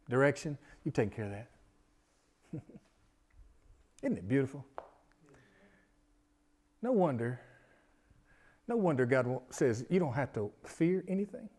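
A man preaching a sermon, earnest, often repeating his words and swinging from loud emphasis to a hushed voice. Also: fairly high pitch. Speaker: pastor.

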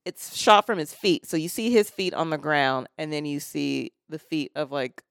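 A man's voice: fairly high pitch, expressive, moderate pace, creaky, fairly bright tone, clean tone, no room sound, clean studio sound. A man co-hosting a podcast, retelling horror film scenes in a casual chat with lots of fillers and restarts. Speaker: podcast co-host.

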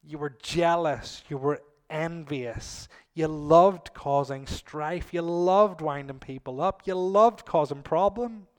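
A middle-aged man preaching a sermon to a congregation, swinging between loud, emphatic lines and soft, low asides. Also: takes it slowly, hardly any pauses, smooth.

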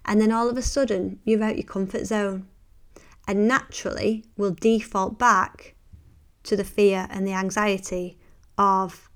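A woman hosting a motivational podcast, speaking earnestly and encouragingly before easing into a soft, hushed guided visualization. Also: mid-range voice, fairly even intonation, clean tone. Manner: earnest and encouraging, softening to a hushed, slow delivery. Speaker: podcast host and meditation guide.

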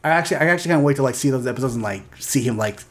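A male podcast co-host chatting casually about film and TV. He is excitable and swears freely. His talk is peppered with "like.". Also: mid-range voice, racing. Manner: excitable, swears a lot, many "like" fillers.

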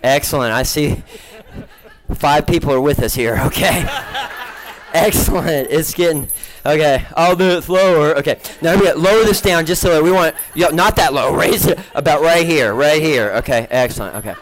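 With lively intonation and a moderate pace, a gospel magician's slightly high male voice projects across a big stage to a live audience. He runs a comedic act, teasing and coaxing volunteers and the crowd, and the recording is low quality.

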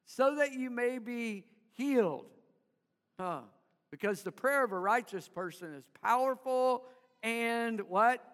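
A man's voice: very high voice, slow, a bit bright, long reverb tail. A man preaching a sermon to his congregation in church, calling for responses and having them repeat after him. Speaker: pastor.

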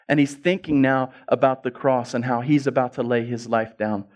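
A male pastor preaching a sermon, swinging from hushed lines to loud, rising ones and repeating key phrases for emphasis. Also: medium pitch, steady tone, moderate pace.

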